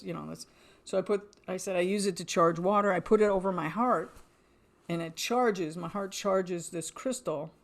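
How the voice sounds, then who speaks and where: A middle-aged woman telling a story about a spiritual experience in casual chat, acting out dialogue and laughing often. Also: mid-range voice. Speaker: guest.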